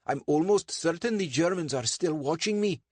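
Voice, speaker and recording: A man voicing an excitable local helper in an adventure audiobook, speaking with urgent warnings. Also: a little high, moderate pace, no room sound, pitched above the performer's own voice.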